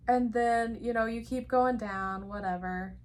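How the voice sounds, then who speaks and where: A woman's voice: fairly high pitch, fairly even intonation, unhurried. A woman reviewing a book she loves in a casual chat, gushing and rambling with plenty of "like" fillers.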